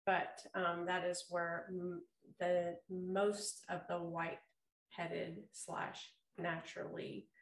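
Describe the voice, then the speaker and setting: A middle-aged woman co-hosting a podcast in casual chat, explaining things slowly and deliberately. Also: on the low side, flat delivery, vocal fry. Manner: slow, drawn-out explaining. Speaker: podcast co-host. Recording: echoey room.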